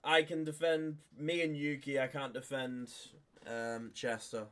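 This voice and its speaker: A man's voice: medium pitch, little pitch movement, unhurried, a bit bright. A man playing in a tabletop game, chatting casually, blunt and full of swearing. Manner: blunt, swears a lot, laughs. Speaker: player. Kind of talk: casual gaming chat.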